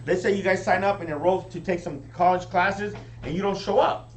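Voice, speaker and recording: High-voiced man pumping up a crowd. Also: fairly quick. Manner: energetic, keeps asking the crowd "right?". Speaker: business team leader training recruits. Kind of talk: motivational training talk to a live audience. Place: meeting room with an audience. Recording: echoey room, distant mic, faint hum.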